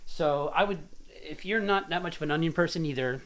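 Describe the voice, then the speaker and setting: A man's voice: a little high, fairly quick. A man hosting a casual home cooking show, chatting and joking as he cooks. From Irish family roots. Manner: jokey, rambling, chatty. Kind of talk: casual live-stream cooking demo.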